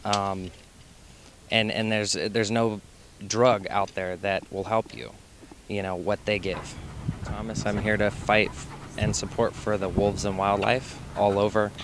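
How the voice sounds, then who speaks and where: A man's voice: on the low side, flat delivery, a little slow, background noise. A man speaking about wolves in a sincere, hesitant way with many fillers. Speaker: wolf advocate guest. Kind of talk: casual chat.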